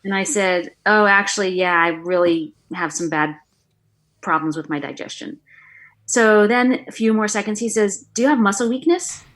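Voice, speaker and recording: A middle-aged woman, a guest on an interview show, telling her story with lively energy and acting out the dialogue. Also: fairly low pitch, normal speed. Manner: animated storyteller, acts out quoted dialogue. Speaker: guest, author and former acupuncturist.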